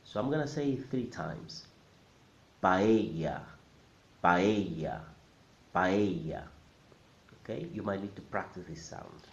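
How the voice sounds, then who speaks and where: Deep-voiced man teaching pronunciation. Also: big pitch swings, vocal fry, darkish tone. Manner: careful, repeats words slowly for learners. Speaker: Spanish teacher. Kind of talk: pronunciation lesson. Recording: roomy, slightly dull recording with faint hiss.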